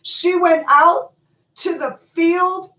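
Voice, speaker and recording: A woman's voice: very high voice, steady tone, slow pace, pushed and bright, roomy sound, poor audio. A woman in an impassioned, profane rant, repeating her words for emphasis as she calls for justice. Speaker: advocate calling for justice. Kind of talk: impassioned direct-to-camera rant.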